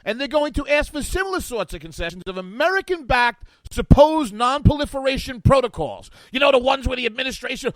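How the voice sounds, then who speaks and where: A male guest host delivering political talk radio commentary into a studio microphone. His voice sits high and swings widely, in a sarcastic, animated riff on an article he reads aloud. The sound is dry, with no room echo. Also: fairly quick, hardly any pauses.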